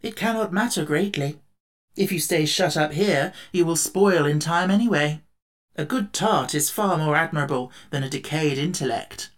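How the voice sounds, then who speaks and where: A woman's voice: low voice, normal speed, close to an everyday voice. A woman voicing an earnest, kindly male tin man, speaking emphatically, in an audiobook reading. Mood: consoling.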